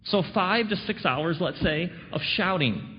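A man preaching a sermon, sardonic and full of dramatic pauses. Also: sits high, expressive. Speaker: pastor. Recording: dull recording in a reverberant hall, faint noise.

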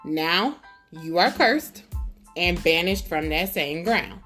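A woman's voice: on the low side, lively intonation, slow, fairly bright tone, faint music behind. A woman voicing a stern God who questions and scolds a wrongdoer.

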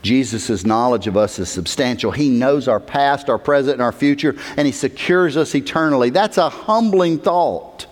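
A man preaching a sermon as pastor, emphatic, repeating words for stress and swinging from hushed tones to near-shouting. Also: medium pitch, animated, moderate pace, hardly any pauses. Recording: long hall reverb.

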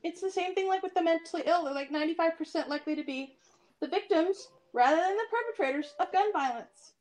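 A woman's voice: extremely high pitch, quick pace, a little mellow. A woman in a casual discussion, talking loosely and leaning on "like" as a filler. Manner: casual, leans on "like".

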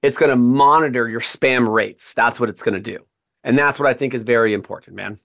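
A man hosting a podcast, telling stories in a casual, animated way and often checking in with "right?" and "man". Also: mid-range voice, brisk. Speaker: podcast host.

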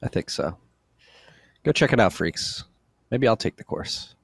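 Male podcast host, deep and dry, relaxed joking banter. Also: a little slow, creaky, breathy edge, no room sound. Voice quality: relaxed, jokey, calls listeners freaks. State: a little tired after a workout. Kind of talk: casual chat.

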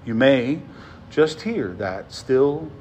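A man preaching a sermon as pastor, swinging from emphatic lines to soft, hushed ones and often asking his listeners "right?". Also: mid-range voice, animated, takes it slowly, a little hiss or hum.

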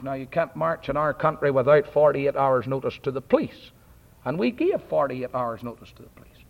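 A man's voice: a little high, creaky. A middle-aged man from Northern Ireland with an Ulster Scots accent, rolling his R's as he preaches a fiery sermon. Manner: thundering, rolls his R's. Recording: dull lo-fi archive recording.

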